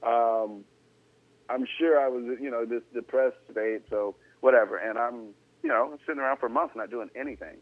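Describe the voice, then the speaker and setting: Speaking at a moderate pace in a mid-range voice, a man who used to play pro ball recounts a story as an interview guest in a relaxed, slangy manner, growing animated with disbelief at times. The recording is dry, with a tinny, phone-like quality.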